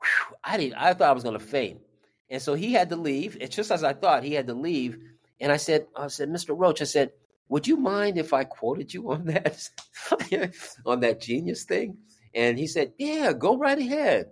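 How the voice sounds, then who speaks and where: A man's voice: a little high, expressive, moderate pace. A man, a drummer and music teacher, telling a story as an interview guest and acting out the voices he quotes.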